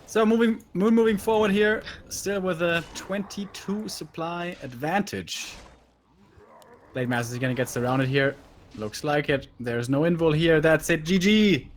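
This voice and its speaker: A man's voice: on the high side, measured pace, a little hiss or hum. A man casting a live strategy game match, breaking down the play in detail and critiquing the decisions. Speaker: esports caster.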